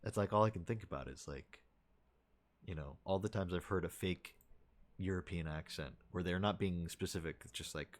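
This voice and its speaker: Young adult male streamer, very low voice, loose rambling casual chat. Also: normal speed. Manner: rambling, thinking aloud with many restarts.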